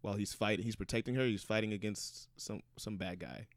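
A man with a low voice, rambling through stories in a relaxed podcast chat. He piles on fillers and restarts as he talks. The recording is close and dry, with no room sound. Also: fairly quick, no echo. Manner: loose, rambling storytelling with many fillers. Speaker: podcast co-host. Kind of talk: casual chat.

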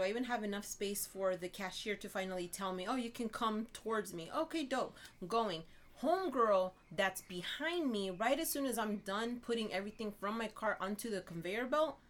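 A young woman co-hosting a casual chat, telling an animated, exasperated story and checking in with "right?" often. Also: fairly high pitch.

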